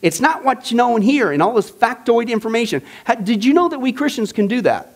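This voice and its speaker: A man teaching a Bible study class in a casual, animated way, full of jokes and enthusiasm. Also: very high-pitched, fairly quick. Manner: animated, joking, enthusiastic with frequent fillers. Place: church classroom.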